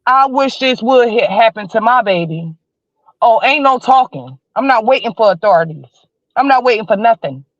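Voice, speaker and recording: A woman's voice: fairly high pitch, expressive, normal speed, no room sound. A woman in her forties, calling in as a livestream guest, giving heated commentary in blunt, emphatic slang. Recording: slightly dull dry stream audio.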